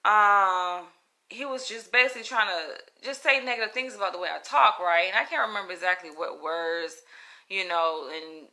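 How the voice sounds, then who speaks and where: A woman's voice: a little high, lively intonation, normal speed, sharp tone. A woman with a Southern US accent telling a story in a casual, chatty monologue, stressing her points and often checking in with "right?" and "you know?". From Southern United States.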